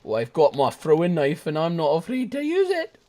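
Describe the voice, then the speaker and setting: A young man talks over a shooter game in a loose, rambling way, hopping between silly jokes, laughter and half-sung lines. His pitch leaps around constantly, from low mutters to high squeals. The tone is goofy gameplay chatter. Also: wildly swooping pitch, a little fast, warm tone. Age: young adult. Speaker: gaming streamer. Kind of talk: casual live gameplay commentary.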